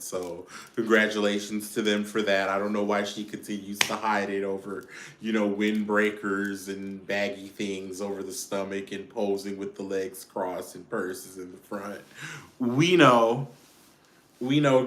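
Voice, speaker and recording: Sassy, slow-talking gossip host, a man. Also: medium pitch, a bit bright. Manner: sassy, blunt and profane, frequent laughs. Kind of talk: casual gossip commentary. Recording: roomy echo.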